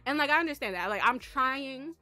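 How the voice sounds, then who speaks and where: An excitable young woman chats on in a casual, rambling way, full of fillers. Her voice is bright and sits a little high. Faint music plays behind her. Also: a little fast. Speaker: game creator vlogger. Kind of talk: casual chat.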